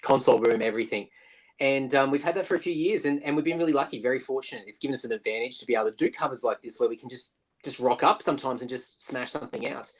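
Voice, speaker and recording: A man's voice: mid-range voice, fast talker, rough recording. Chatty man with many restarts. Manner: chatty, lots of fillers and restarts, mimics bandmate. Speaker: musician guest. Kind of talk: casual interview chat. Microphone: video call.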